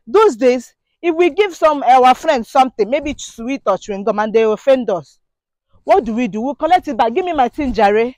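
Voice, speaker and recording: A woman's voice: high-pitched, expressive, normal speed, darkish tone, dry recording. A woman giving an indignant, preachy monologue to her viewers, full of rhetorical questions. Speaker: vlogger. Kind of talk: impassioned monologue to camera.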